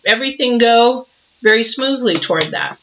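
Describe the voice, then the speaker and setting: A woman's voice: a little high, lively intonation, moderate pace, a bit bright, dull audio, slight background noise. Emphatic sixty-year-old woman tarot reader. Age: 60s. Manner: emphatic, preachy, acts out little scenes. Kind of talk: casual tarot reading monologue.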